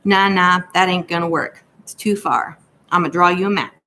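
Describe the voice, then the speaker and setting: A stubborn old man with a hurt foot grumbles and scolds in a clipped, folksy way, as a woman reading a storybook puts him on. The voice sits fairly low and carries a stern, proud edge. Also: steady tone, normal speed, pushed and bright, slight background noise.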